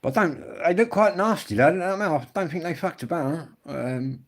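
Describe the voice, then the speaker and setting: A man's voice: on the high side, moderate pace. A man, rambling and swearing freely as he chats casually to viewers on a live stream. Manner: rambling, swearing, blokey storytelling.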